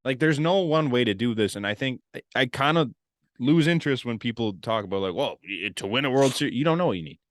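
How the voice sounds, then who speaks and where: Male podcast co-host, opinionated and lively, dry close mic. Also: medium pitch, quick pace, dry recording. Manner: blunt and opinionated, laughs often. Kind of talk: casual sports chat.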